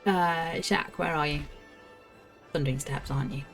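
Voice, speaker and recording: Brief: woman, game streamer, lowish voice, chatty and giggly, faint music behind. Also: steady tone, moderate pace. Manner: chatty, giggly, talks to herself. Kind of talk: casual gameplay commentary, reading quest text aloud.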